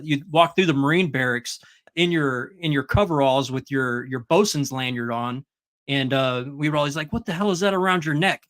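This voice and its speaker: A man, a veteran guest, telling a story in a relaxed, casual conversation. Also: medium pitch. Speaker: guest, Navy and Army veteran.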